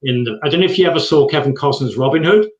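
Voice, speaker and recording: A man's voice: on the high side, expressive, rapid-fire, darkish tone. A British man from England, co-hosting a casual TV chat and talking hesitantly with many restarts. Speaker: co-host. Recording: roomy, dull lo-fi sound.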